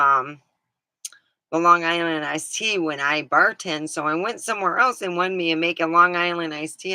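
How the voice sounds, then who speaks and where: A woman's voice: on the low side, pushed and bright, clean tone, dry recording, rough recording. A woman livestreaming, chatting casually in a meandering way and swearing now and then. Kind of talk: casual rambling chat.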